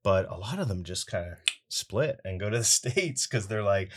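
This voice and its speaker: A man's voice: lowish voice, expressive, moderate pace, slightly rough. A man from Canada, a voice actor, talking casually in an interview with lots of fillers and easy laughs. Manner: chatty, frequent fillers and laughs. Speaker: voice actor guest.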